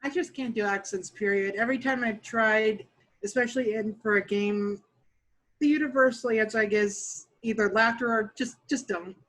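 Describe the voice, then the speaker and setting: Candid woman guest, slightly high voice. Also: normal speed, fairly bright tone, low-quality recording. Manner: candid, dry, chuckling. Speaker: podcast guest, dungeon master. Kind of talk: casual interview chat.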